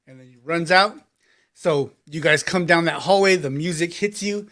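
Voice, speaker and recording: Higher-pitched man running a tabletop game. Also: moderate pace, a bit bright. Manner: loose, chatty scene-setting with many fillers. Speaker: game master.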